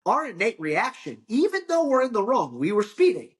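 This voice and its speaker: A young man from Ohio speaks as a podcast guest in an easy, conversational way. His voice sits a little high for a man. He talks in earnest, restarting phrases and dropping the odd curse word as he makes his points. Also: wildly swooping pitch, husky. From Ohio, United States. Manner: earnest, fast-flowing, repeats words and swears. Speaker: wrestling coach and guest.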